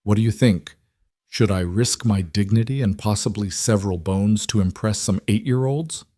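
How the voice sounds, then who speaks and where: A man's voice: on the low side, normal speed, mellow, no echo, lightly acted. A man reading the part of a talkative, cheerful widowed frontier husband, speaking earnestly. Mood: joking.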